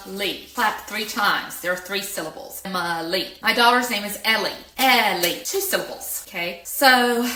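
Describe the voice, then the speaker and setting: Female educator, bright tone, patient explainer, slightly echoey room. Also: medium pitch. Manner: patient, stretches words out when demonstrating. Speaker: teacher. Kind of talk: explanatory lesson.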